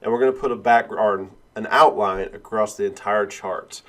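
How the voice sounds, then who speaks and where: A man instructor giving a screen-recorded software tutorial, explaining each click step by step and correcting himself along the way. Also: on the low side, normal speed. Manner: steady step-by-step walkthrough, self-correcting.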